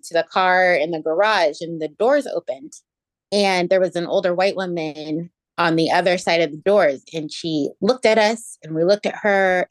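A woman with a lowish voice, recorded dry, is an interview guest who directs education equity. She tells stories conversationally and reflectively, with many fillers and restarts.

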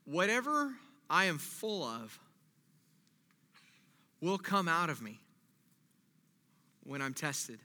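High, bright-voiced preacher in a reverberant hall. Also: male voice, takes it slowly, long pauses. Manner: swings from quiet reflection to loud animated preaching. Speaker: pastor. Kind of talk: sermon. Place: church. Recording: long reverb of a large hall.

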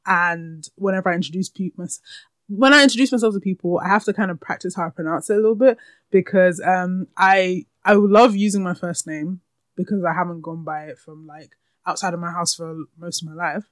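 A woman's voice: fairly low pitch, a little fast, no echo. Candid woman podcasting from home. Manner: candid and chatty, often laughing. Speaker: podcast host. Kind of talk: casual solo podcast chat. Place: room at home with window open. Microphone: podcast microphone, close.

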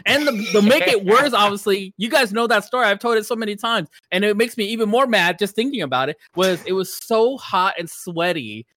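A man casually telling a travel story on a podcast, animated and laughing as he talks. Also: sits high, fairly quick, few pauses, no echo. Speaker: podcast co-host.

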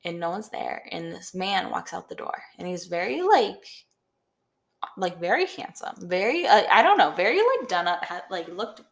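A woman's voice: fairly low pitch, very animated, normal speed, creaky. A young woman co-hosting a podcast, telling a long story in a rambling way with lots of "like". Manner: rambling storytelling, heavy use of "like". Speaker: podcast co-host. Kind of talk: casual chat.

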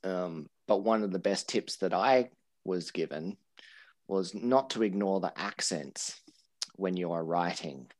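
A man's voice: low-pitched, measured pace, dry recording. A man who teaches English, chatting casually and explaining language points, often repeating and restarting his words. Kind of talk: casual educational podcast chat.

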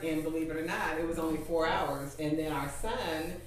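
A woman's voice: low-pitched, a little fast, few pauses. A middle-aged woman, a guest realtor, telling stories in casual chat with light laughs. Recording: very echoey room, mic far off.

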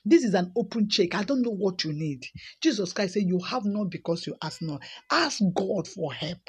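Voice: mid-range voice, sing-song, moderate pace, husky. A preacher giving a repetitive, exhorting sermon and praying over listeners, breaking into tongues now and then. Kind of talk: sermon with prayer.

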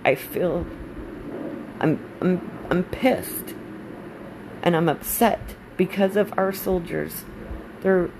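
A woman's voice on the low side delivers a candid, emotional monologue about her own life. She is in her forties, a military spouse, and gets blunt and curses when angry. Background noise is audible.

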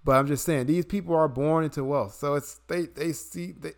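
A man's voice: fairly high pitch, steady tone, moderate pace, gravelly. Blunt, profane male podcaster. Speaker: podcast co-host. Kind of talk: casual podcast chat.

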